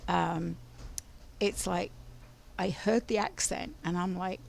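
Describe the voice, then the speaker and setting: A woman's voice: on the low side, takes it slowly, gravelly, a little hiss or hum. An older woman from London with a London English accent, giving a meandering spiritual talk full of ums and restarts. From London, England. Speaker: spiritual channeler.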